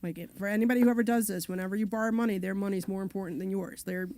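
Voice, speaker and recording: A woman's voice: medium pitch, steady tone, very fast, dark tone. A woman co-hosting a radio talk show, telling long, chatty stories about her property deals. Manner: chatty, long-winded storytelling. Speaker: co-host.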